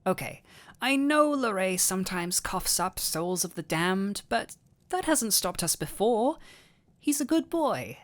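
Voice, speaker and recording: A woman's voice: medium pitch, sing-song, unhurried. A woman voicing a sweet, clumsy male dullahan boyfriend in an audio role-play, tender and giddy with affection. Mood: affectionate. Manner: tender, giddy and affectionate, playful self-teasing. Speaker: voice actor.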